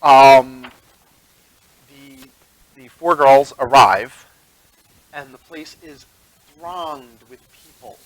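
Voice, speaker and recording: A man's voice: mid-range voice, very slow, long pauses, rough recording. A man serving as game master, narrating a tabletop game in a rambling, chatty way and laughing often.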